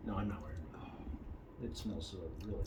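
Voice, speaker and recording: A man's voice: low voice, normal speed. A man co-hosting a whiskey tasting in casual chat, easygoing and self-deprecating about his tasting vocabulary. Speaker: co-host. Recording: echoey room with clear background noise.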